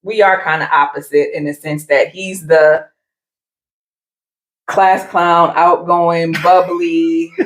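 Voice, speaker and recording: A calm, laid-back woman talking casually and reservedly about her marriage. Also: on the low side, takes it slowly. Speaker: wife, married guest. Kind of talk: casual conversation. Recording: echoey room.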